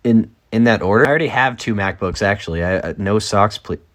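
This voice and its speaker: A man in his twenties giving a casual, self-deprecating comedic monologue as a TikTok creator, rambling with quick asides. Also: lowish voice. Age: 20s.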